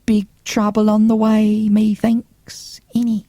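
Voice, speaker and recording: A man's voice: high-pitched, monotone, takes it slowly, mellow, dry recording, clean studio sound, voice pushed up. A man voicing a cheeky young child who answers back to Mum in slangy speech. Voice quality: slangy, saucy.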